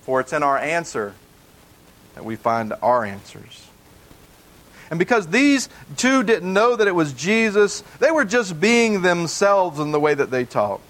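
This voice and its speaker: A man's voice: a little high, big pitch swings, unhurried, a bit bright, poor audio. A male pastor preaching a conversational sermon in a plain, folksy way, earnestly repeating key points for emphasis.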